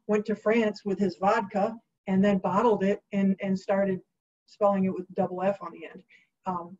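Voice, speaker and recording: A woman chats her way through a history story, breezy and jokey, full of fillers and little quoted asides. Her voice sits at an ordinary middle pitch. The recording sounds a bit dull and lo-fi. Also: darkish tone. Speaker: host. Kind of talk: casual chatty history storytelling.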